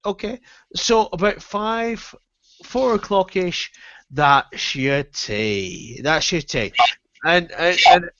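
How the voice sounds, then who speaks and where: Teasing, high-voiced man with a bouncy delivery. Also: expressive, slow pace, background noise. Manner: teasing, mock-lecturing. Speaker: stream co-host. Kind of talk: casual chat. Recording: dry, slightly muffled mic.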